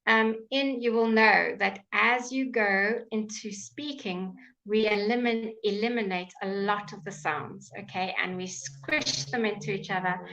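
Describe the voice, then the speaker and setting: A woman with a British accent teaching English pronunciation in a live online class, enunciating words slowly and clearly, with frequent fillers. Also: mid-range voice, fairly even intonation, fairly bright tone, highs cut off. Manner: slow, clear, drawn-out enunciation with many fillers. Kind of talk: live online language lesson.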